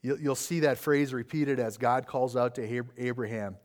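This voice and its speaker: A man's voice: mid-range voice, moderate pace, a little mellow. A man preaching an expository sermon, explaining the text earnestly and asking rhetorical questions.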